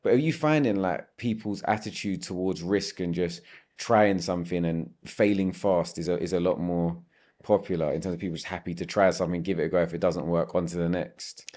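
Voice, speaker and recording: A man's voice: sits low, fairly even intonation, a little fast, a little mellow. A man hosting a podcast interview, asking long, winding conversational questions. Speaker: podcast host.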